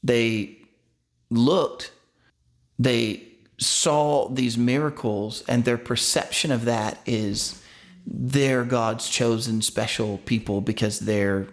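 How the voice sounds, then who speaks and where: A man's voice: mid-range voice, fairly even intonation, slow. A man in his thirties, a pastor, preaching a sermon in a conversational way, asking his listeners questions and restarting words now and then.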